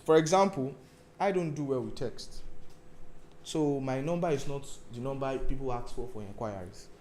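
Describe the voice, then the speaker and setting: A man giving a lively talk on stage. He acts out phone calls with sudden loud outbursts and keeps asking his listeners if they understand. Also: mid-range voice, normal speed, a little hiss or hum. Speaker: speaker.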